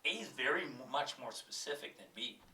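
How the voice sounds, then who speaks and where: A man's voice: medium pitch, animated, fairly quick, pushed and bright, reverberant, distant mic, slight background noise. A man with a cold, a teacher thinking aloud as he works through exam questions and reads passages aloud. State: has a cold.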